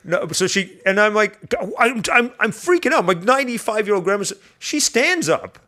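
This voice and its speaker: A man's voice: sits high, moderate pace. A man guest on a podcast, telling stories in casual chat and jumping into funny voices. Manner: animated storyteller, jumps into funny voices.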